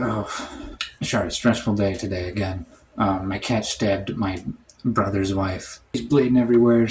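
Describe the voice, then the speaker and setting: A man telling a comic story in a rambling, deadpan way, full of "like" and "um". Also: fairly low pitch, slight background noise. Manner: rambling, heavy on "like" and "um". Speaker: storytime comedian. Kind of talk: comedic storytime monologue.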